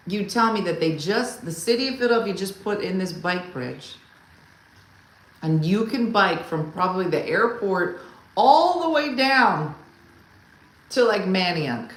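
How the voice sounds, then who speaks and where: A woman hosting a casual live comedy stream. She chats with viewers and tells wry, exasperated stories about her partner. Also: mid-range voice. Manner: chatty storyteller who answers viewer comments; wry and exasperated, imitates her husband loudly. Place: home room for a live stream. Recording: echoey room with faint ambient hum.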